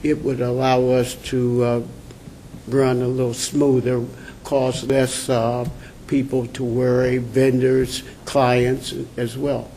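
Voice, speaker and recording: Slow, mellow-voiced man on a panel. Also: medium pitch, flat delivery, a little hiss or hum. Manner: slow, hesitant, many fillers. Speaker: township official on a panel. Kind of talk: panel discussion.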